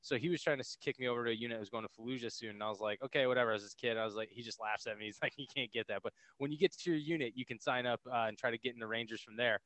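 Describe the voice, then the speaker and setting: A man in his thirties from the United States, a podcast guest telling his story in an energetic, casual way and acting out other people's lines. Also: medium pitch, very fast, few pauses, no echo. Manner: energetic, laughing, acts out quotes. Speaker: podcast guest, military veteran.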